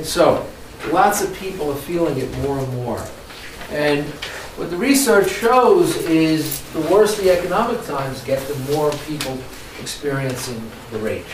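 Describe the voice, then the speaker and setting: With a fairly high pitch, a man lectures a live training workshop, spinning animated stories and throwing questions to the room. Background noise is present, and the echoey room is picked up by a mic placed far away.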